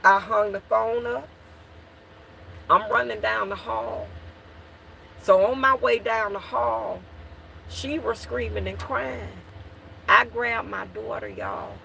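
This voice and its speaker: A woman recounts her own story to viewers, slow and deliberate, with a bright, tense tone and a gravelly fry at the ends of phrases. She circles back and repeats words as she talks to her listeners. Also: a little high, steady tone, a little hiss or hum. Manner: repeats and restarts while reliving events, calls to listeners. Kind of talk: emotional personal testimony.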